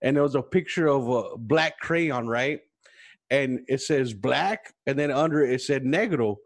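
A man's voice: mid-range voice, measured pace. A man appearing as a podcast guest, chatting casually in a laid-back way, swearing and calling people "dude". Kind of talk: casual chat.

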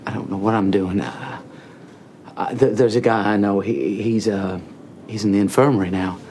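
A man plays a timid, trusting prisoner with a Texan drawl who stumbles over his words. He is soft-spoken and hesitant, and he restarts his sentences as he works up his nerve. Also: lowish voice, fairly even intonation, moderate pace, slight background noise, close to an everyday voice. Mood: shy. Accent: Texan Southern. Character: naive, shy, love-struck male prisoner. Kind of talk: film dialogue.

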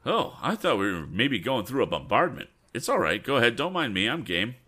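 A man voicing a cheerful young male bank cashier in a storybook reading, with a raised, lively voice. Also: mid-range voice, brisk, slightly rough, pitched above the performer's own voice, full character voice. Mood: surprised.

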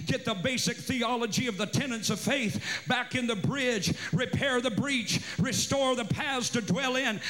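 A man preaching a revival sermon at a camp meeting, shouting with fervent energy. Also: very high-pitched. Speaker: pastor. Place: large camp meeting gathering.

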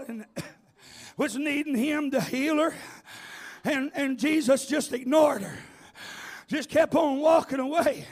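A man preaching a revival sermon, chanting repeated phrases and shouting to the congregation. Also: very high voice.

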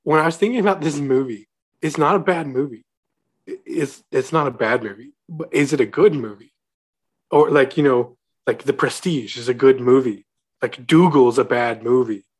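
A man's voice: medium pitch, normal speed, breathy edge. A man co-hosting a casual movie podcast, rambling and hesitant, full of "like" and restarts. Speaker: podcast co-host.

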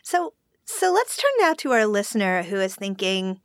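A woman hosts a podcast and speaks in a gentle, measured, reflective way. Her voice sits at an ordinary middle pitch. The sound is dry and close to the mic. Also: big pitch swings, dry recording. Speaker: podcast host. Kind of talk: calm reflective conversation.

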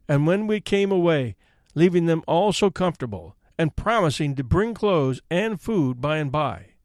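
A man hosting a story podcast, reading a classic tale aloud with expressive narration. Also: a little high, no echo, clean studio sound.

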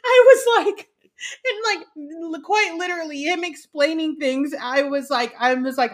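A woman's voice: high voice, unhurried. A woman guest on a podcast, chatting casually and animatedly, laughing often and swearing freely. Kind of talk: casual chat.

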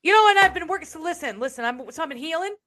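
A Texan woman hosting a live stream, talking loud and brash, swearing freely in casual chat. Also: very high voice, animated, very fast. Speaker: live show host.

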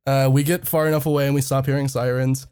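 A man's voice: mid-range voice, level tone, quick pace, a little mellow, smooth. A man co-hosting a podcast, telling a story in casual chat, laughing often and swearing freely. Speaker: podcast co-host.

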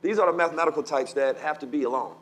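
Fast-talking man preaching in casual chat. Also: fairly high pitch, fairly bright tone. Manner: preachy, emphatic, keeps asking "right?". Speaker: podcast co-host. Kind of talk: casual conversation.

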